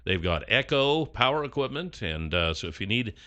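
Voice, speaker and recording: A man's voice: mid-range voice, big pitch swings, normal speed, bright, forceful tone. A middle-aged man co-hosting a local radio show, chatting casually and reading a sponsor spot with easy "uh" fillers. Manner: easygoing, chatty, with frequent "uh" fillers. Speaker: radio co-host.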